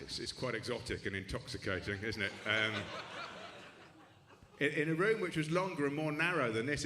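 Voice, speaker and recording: A man doing a stand-up comedy set in a club, with dry, rambling, self-deprecating asides and frequent restarts. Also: fairly low pitch. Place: comedy club stage with live audience. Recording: echoey club room with audience noise.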